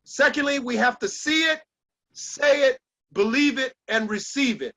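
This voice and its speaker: A man's voice: extremely high pitch, measured pace, bright, forceful tone. A man giving a motivational speech with an emphatic, preacher-like cadence and lots of repetition. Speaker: motivational speaker.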